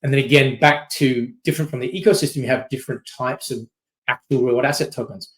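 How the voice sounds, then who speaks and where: A man's voice: mid-range voice, steady tone, rough recording. A man presenting as a company chief, talking casually and loosely, with many fillers, restarts, and a frequent "right?". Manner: quick, loose, filler-heavy, keeps asking "right?". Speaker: company CEO giving a masterclass.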